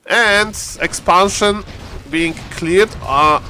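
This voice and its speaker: Playful male esports caster, slightly high voice. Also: extremely slow, pushed and bright, a little hiss or hum. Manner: playful, acts out players' thoughts in banter. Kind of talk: live game commentary.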